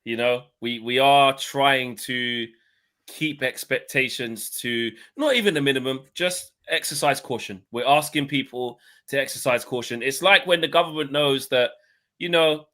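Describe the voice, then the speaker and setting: A man in casual podcast chat who lays out his points with patient analogies. His tone is bright and clear, and his pitch sits in the middle for a man. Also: moderate pace. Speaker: podcast co-host.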